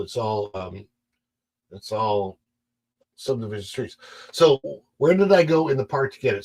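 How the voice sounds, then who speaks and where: A man's voice: mid-range voice, rough recording. A man hosting a casual livestream from home, chatting to viewers in a rambling, self-correcting way. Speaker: livestream host.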